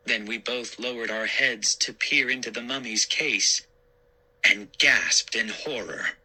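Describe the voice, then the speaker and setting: Slow, husky-voiced male storyteller. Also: medium pitch, pushed and bright, rough recording. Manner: slow, deliberate, suspenseful. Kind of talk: scripted horror story narration.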